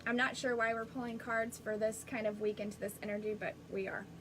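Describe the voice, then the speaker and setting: A woman's voice: on the high side, background noise. A woman hosting a live-streamed spiritual reading as a psychic medium, talking in a rambling, chatty way and often restarting.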